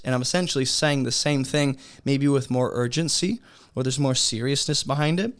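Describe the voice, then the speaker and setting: A man teaching a beginner's Bible study lesson in a relaxed, conversational way, asking his listeners rhetorical questions. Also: mid-range voice, brisk.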